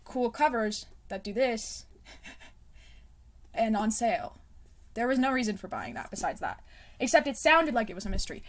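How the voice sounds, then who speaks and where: A young woman chatting casually about her favorite books, rambling with lots of ums and likes, laughing often and sometimes dropping to a self-conscious whisper. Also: medium pitch. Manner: soft self-conscious asides, drifting into whispers. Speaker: book vlogger. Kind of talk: casual chat.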